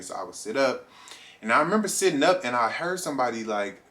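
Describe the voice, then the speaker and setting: A young man tells a casual storytime to his viewers in a slightly low voice. He is animated and acts out his own reactions. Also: fast. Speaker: vlogger.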